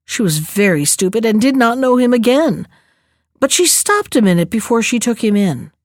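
A woman narrating a fairy tale in a clear, measured storybook reading. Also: a little high, sing-song, no echo, studio quality.

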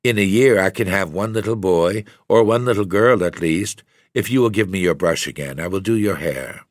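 A man's voice: low-pitched, moderate pace, dry recording, clean studio sound, natural voice. A man voicing a proud, spirited young woman in a gothic story reading. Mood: good-humoured.

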